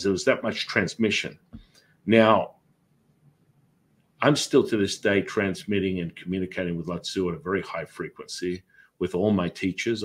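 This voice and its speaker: Deep husky man telling his story. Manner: animated, acts out remembered dialogue. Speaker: Taoist master and priest. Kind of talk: personal storytelling in an interview.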